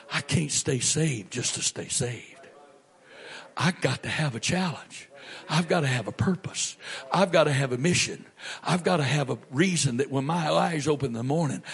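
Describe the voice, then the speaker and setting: A man preaching a sermon as a pastor, swinging between booming lines and hushed whispers. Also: gravelly, breathy edge.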